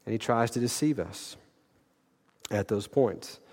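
A man's voice: fairly low pitch, a little slow, a little mellow. A middle-aged male pastor preaching an earnest sermon, repeating words and asking the congregation direct questions. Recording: long hall reverb.

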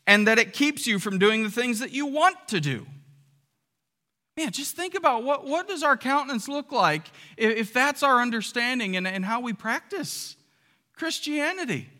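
A man's voice: very high-pitched, sharp tone, long reverb tail. A man pastor preaching a conversational sermon to his congregation in a church, often asking them rhetorical questions.

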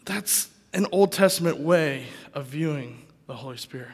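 A man's voice: fairly high pitch, expressive, moderate pace. A man preaching a sermon in a casual, conversational way, often asking the congregation questions. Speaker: pastor. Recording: long reverb of a large hall.

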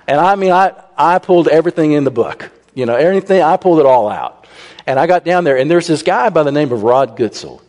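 A man telling a humorous personal story to a congregation, animated and acting out the people he quotes. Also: fairly high pitch, brisk. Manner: animated, raises his voice when he quotes people. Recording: long reverb in a large hall.

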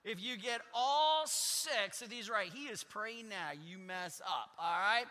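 A man's voice: high-pitched, a little slow, bright, forceful tone. A middle-aged man preaching as a pastor in a joking, conversational sermon, teasing the congregation with self-mocking asides. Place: church sanctuary. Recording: long church reverb.

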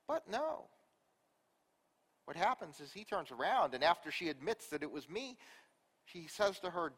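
A man preaching a sermon, telling a story with rhetorical questions and dropping from loud to quiet. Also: sits high, very animated, moderate pace, breathy edge, long reverb tail. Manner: storytelling, rhetorical questions, big swings in loudness.

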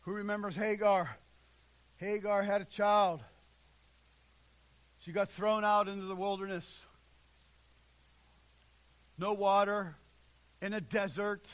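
A man pastor preaching an impassioned sermon in a church, swinging between loud and hushed delivery. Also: high voice, flat delivery, slow pace, long pauses. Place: church sanctuary.

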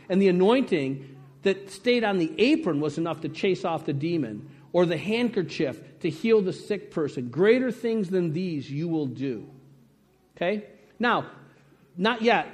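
A man's voice: sits high, a little mellow. A man preaching a sermon to his congregation, emphatic and conversational, often checking in with "right?". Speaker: pastor.

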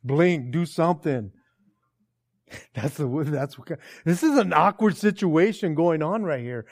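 A man preaching a sermon in a casual, animated storytelling way that builds in intensity. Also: a little high, normal speed, creaky. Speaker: pastor.

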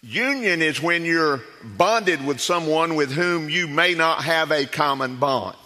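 A man's voice: on the high side, lively intonation, a little slow, pushed and bright, in a large hall. A man from South Carolina preaching as a guest, in a folksy, conversational way with many fillers. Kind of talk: sermon with folksy storytelling. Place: church sanctuary.

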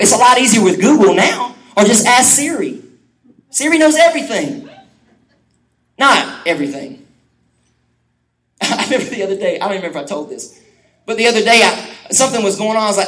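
High-voiced, lively preaching pastor. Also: male voice, rough recording. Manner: lively, animated preaching with quick asides and humor. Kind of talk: sermon.

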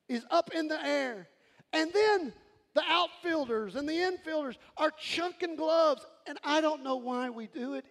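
A man preaching a lively, shouting sermon to his congregation. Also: extremely high pitch. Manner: animated, shouting preacher with a Southern drawl in his phrasing. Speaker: pastor. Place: large church sanctuary. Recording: crowd in a reverberant church hall.

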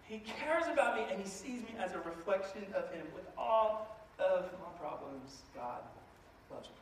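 A man preaching a sermon as a pastor, animated and joking, acting out voices as he goes. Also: high voice, normal speed, a little hiss or hum. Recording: echoey hall, mic far off.

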